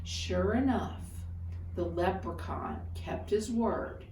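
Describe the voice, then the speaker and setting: A woman storyteller telling a folktale in an expressive, deliberate way. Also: mid-range voice, recorded from a distance, slight background noise. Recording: roomy echo, voice off-mic.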